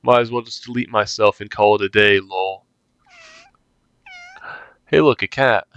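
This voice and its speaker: A man's voice: fairly low pitch, unhurried, a bit bright, smooth, no room sound, muffled recording. A young man reading a story game aloud and reacting casually, joking and swearing between lines. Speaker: gaming youtuber.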